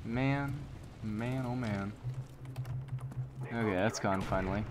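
Excitable young man over game gunfire. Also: lowish voice, slow, background noise. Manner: excitable, frustrated exclamations and muttering. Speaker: gaming commentator. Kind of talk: live gameplay commentary.

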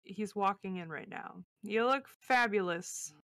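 A woman's voice: mid-range voice, unhurried, fairly bright tone, dry recording. A woman co-hosting a casual book podcast on a livestream, playful and giggly, with goofy slang and names she mangles on purpose. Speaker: podcast co-host.

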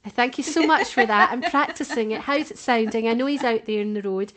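A woman's voice: on the high side, brisk, fairly bright tone. A woman co-hosting a podcast, talking casually and chattily and laughing often. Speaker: podcast co-host.

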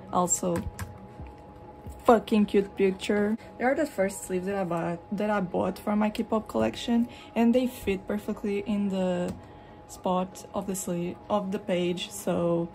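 Slow-talking young woman with a mellow voice. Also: a little hiss or hum. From Europe. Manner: rambling, expressive, jumps into animated high-pitched retellings. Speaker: vlogger. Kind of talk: casual chat while showing a collection. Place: hot room at home with a fan running.

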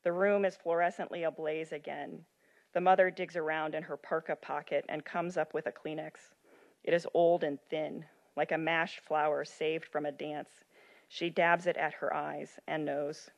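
A woman's voice: low-pitched, steady tone, moderate pace. A woman medical ethics lecturer who reads a story aloud with expression and then explains it in loose talk with frequent ums. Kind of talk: lecture with a dramatic reading.

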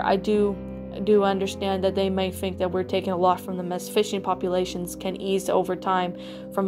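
A woman reading a creepypasta aloud, giving a male official's formal statement in a stiff, halting delivery. Soft music plays behind her. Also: on the low side, lightly acted.

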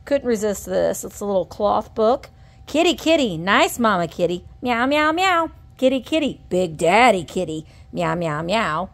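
A woman with a slightly high voice runs a casual show-and-tell vlog about her antique finds. She talks in a friendly, rambling way, gushes over cute items and drops playful asides. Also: creaky. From Indiana. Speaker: antique shop owner and reseller vlogger.

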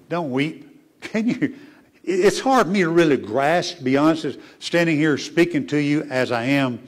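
A man preaching a sermon as a pastor, who swings between emphatic rises and hushed asides and asks his congregation questions. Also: fairly high pitch. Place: church sanctuary.

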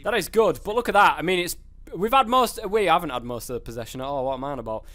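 A young English man giving live commentary over a football video game. He gets excitable and swears a lot, shouting at the game. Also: a little high, fast talker. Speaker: gaming YouTuber. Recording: faint background noise.

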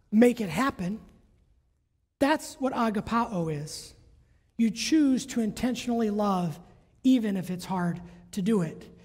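A woman's voice: a little high, a little mellow. A woman pastor preaching a sermon in a church, often asking her congregation questions. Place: church sanctuary. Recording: long church reverb.

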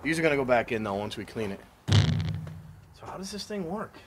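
A man giving a casual running commentary as he works, excitable, exclaiming and thinking aloud into a camera mic held close. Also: medium pitch, moderate pace, long pauses. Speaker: vlogger restoring a vending machine. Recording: noisy background hiss.

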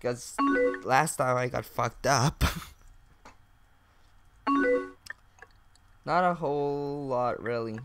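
A man's voice: mid-range voice, wildly swooping pitch, drawn-out words, long pauses, over loud music. A young man casually commenting while playing a chat game, reading messages aloud, swearing and laughing often. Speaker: gaming YouTuber. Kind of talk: casual let's-play commentary.

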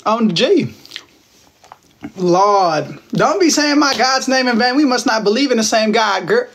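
A young man from Texas with a high voice chats loosely into his phone at home, reading out viewer comments and firing back teasing, slangy replies. A faint hiss and clatter hang under his voice. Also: expressive, a little slow, fairly bright tone. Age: 20s. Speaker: livestream host. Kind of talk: casual livestream chat reading viewer comments.

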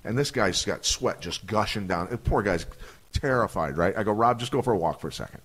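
Animated man telling stories. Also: lowish voice, fairly quick, slightly rough. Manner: animated storyteller acting out voices, profane. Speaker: podcast guest, retired fighter. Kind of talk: casual storytelling.

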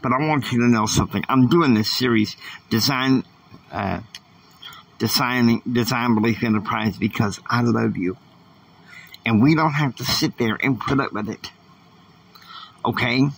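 Earnest male podcast host, husky, emphatic, a bit off-mic. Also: medium pitch, moderate pace, long pauses, far from the mic, low-quality recording. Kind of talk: faith-based motivational monologue.

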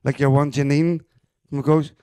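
A man's voice: a little high, flat delivery, normal speed, warm tone, clear, resonant tone, no echo, clean studio sound. A man with a Northern Irish accent hosting a casual comedy chat, teasing and laughing. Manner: laughing, teasing, tries silly impressions. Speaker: podcast host.

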